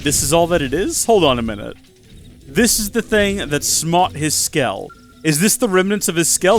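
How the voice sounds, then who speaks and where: A man talking his way through a video game with dry, chatty asides. His voice sits fairly high for a man. Quiet game music hums in the background. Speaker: let's play host. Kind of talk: casual gameplay commentary.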